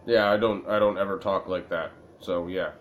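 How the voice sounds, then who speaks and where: A man's voice: low-pitched, steady tone, moderate pace. Rambling, slightly tipsy male gamer. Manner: rambling, self-mocking, laughs at his own jokes. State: a little tipsy. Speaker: gaming video creator. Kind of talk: let's-play commentary.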